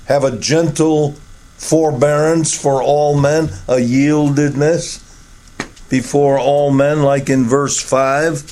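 A middle-aged man preaching a sermon, emphatic, his voice rising high to stress key words. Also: little pitch movement, takes it slowly, darkish tone.

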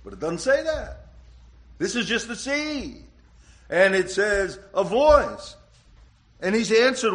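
A man preaching a sermon, slow and deliberate, with dramatic rises and drops in pitch and loudness. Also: big pitch swings. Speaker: pastor.

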